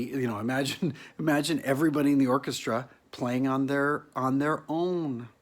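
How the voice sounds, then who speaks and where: A man, an actor, giving a reflective solo monologue to an imagined listener, musing and halting with restarts and soft chuckles. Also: mid-range voice, vocal fry. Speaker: actor performing a solo piece.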